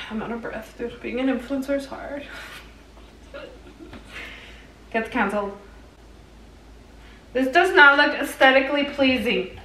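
Young woman filming herself cooking, high bright voice, kinda far from the cam in an echoey kitchen. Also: takes it slowly, long pauses, slight background noise. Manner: chatty, mixes Spanish words into English, laughs at herself. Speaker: vlogger. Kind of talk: casual cooking vlog chat. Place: home kitchen. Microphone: camera on tripod.

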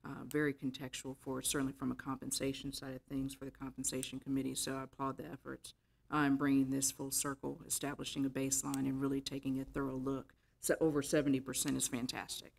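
A man speaking as a board member in a meeting, polite and appreciative, with halting fillers. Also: mid-range voice, completely flat delivery, creaky. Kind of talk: formal meeting comments.

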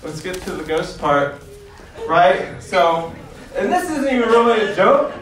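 High-voiced man doing stand-up in an echoey club. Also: big pitch swings, measured pace, fairly bright tone, far from the mic, slight background noise. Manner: rambling, laughs at his own jokes, crude asides. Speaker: stand-up comedian. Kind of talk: stand-up set. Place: comedy club in front of a crowd.

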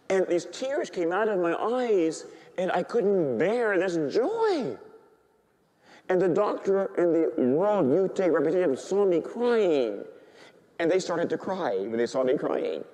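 A male Catholic priest preaches a sermon in a high-pitched, slightly mellow voice, with long reverb from the hall. He tells his story animatedly and banters with the congregation.

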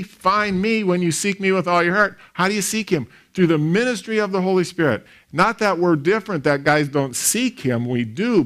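A man, a pastor, preaching a sermon in an animated storytelling way, with big swings in loudness. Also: on the high side.

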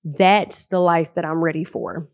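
A woman's voice: on the low side, measured pace, no room sound, clean studio sound. A young woman hosting her own podcast, talking casually and with animation from her living room and laughing now and then. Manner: chatty and animated, laughs often. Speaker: podcast host. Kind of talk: solo podcast talk. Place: living room of a large loft apartment. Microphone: podcast microphone.

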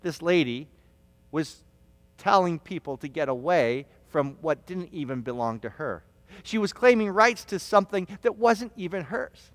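A man preaching a sermon as pastor, telling stories with restarts and stammers, sometimes shouting quoted lines. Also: a little high, expressive, a little slow, no echo, in a large hall. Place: church hall.

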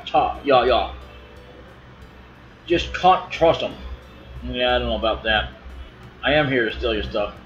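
A young man chatting loosely as he plays a game, drifting between mumbled asides and quick remarks. His voice sits in a middle register with faint game music underneath. The recording sounds dull and lo-fi. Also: mid-range voice, creaky, fairly bright tone. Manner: rambling, offhand, mumbling asides. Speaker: let's play gamer. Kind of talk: casual gameplay commentary.

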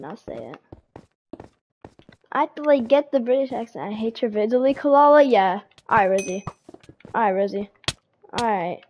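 A woman live-streaming a game, chatting excitedly with viewers, rambling and often stammering and repeating words. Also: on the high side, slight background noise. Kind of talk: casual live-stream chat.

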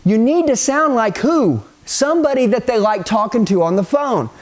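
Speaking straight to you at a moderate pace, this middle-aged sales trainer has a very high-pitched voice. His talk is energetic and punchy, with phone calls acted out along the way.

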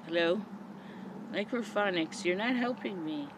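This woman has a mid-range voice and speaks a little slowly. Recording a paranormal vlog in a nighttime forest, she nervously asks spirits brief questions, and outdoor traffic noise from passing cars can be heard.

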